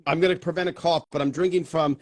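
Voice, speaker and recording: A man's voice: fairly high pitch, fairly even intonation, quick pace. A man hosting a casual interview, chatty and prone to digressions. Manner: chatty, digressive, laughs often. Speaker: host.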